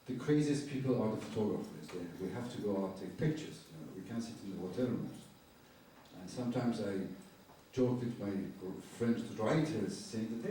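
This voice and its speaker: An older photojournalist telling war stories to a lecture audience, in halting phrasing, raising his voice when quoting people. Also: medium pitch, dark tone, slight background noise. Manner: earnest, halting non-native phrasing, quoting dialogue in a raised voice. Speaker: photojournalist giving a talk. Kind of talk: storytelling lecture with slides. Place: university lecture hall. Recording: roomy distant hall recording.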